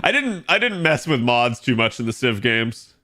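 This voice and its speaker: Casual streamer guy with a bright, forceful voice who rambles loosely and thinks out loud. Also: mid-range voice, sing-song, normal speed. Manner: rambling, thinks aloud with many fillers. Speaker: game streamer chatting with viewers. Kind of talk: casual live-stream chat.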